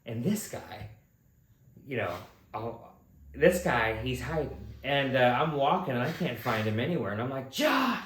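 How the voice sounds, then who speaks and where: A young man co-hosting a podcast, telling stories casually and animatedly, shooting his voice up when acting out shouts. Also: normal speed. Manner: animated storyteller, jumps high when imitating shouts. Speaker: podcast co-host. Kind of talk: casual chat. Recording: echoey room with faint background noise.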